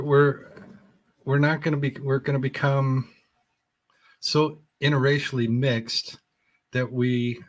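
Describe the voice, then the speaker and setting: A man talking casually as a podcast guest, earnest and enthusiastic, rambling and searching for words with frequent restarts. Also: medium pitch. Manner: earnest and enthusiastic, with loud bursts of laughter. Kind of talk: casual conversation.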